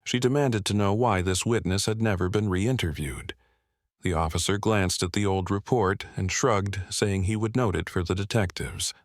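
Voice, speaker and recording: A man narrating a scripted true-crime story in a steady, measured way. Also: lowish voice, no echo, clean studio sound.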